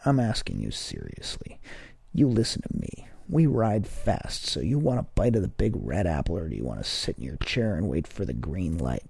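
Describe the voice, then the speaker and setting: A man voicing a calm, bossy older man who speaks matter-of-factly and talks down to others in a story reading. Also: a bass voice, slow, creaky, husky, no room sound, exaggerated voice. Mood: blunt. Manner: matter-of-fact, talking down.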